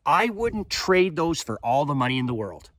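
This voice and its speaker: A man's voice: a little high, very animated, moderate pace, fairly bright tone. A man in his fifties giving a fervent motivational monologue, firing rhetorical questions and repeating his points. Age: 50s. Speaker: motivational speaker.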